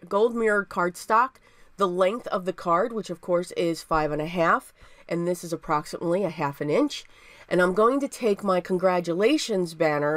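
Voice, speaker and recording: A woman's voice: lowish voice, dry recording. A woman hosting a casual crafting tutorial, chatty and upbeat, often repeating herself as she works. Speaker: papercraft video host.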